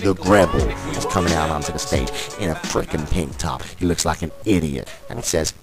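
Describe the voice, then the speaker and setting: A man's voice: a bass voice, normal speed, few pauses, slight background noise, low-quality recording. A man doing brash, ranting play-by-play commentary on a wrestling match and hurling insults.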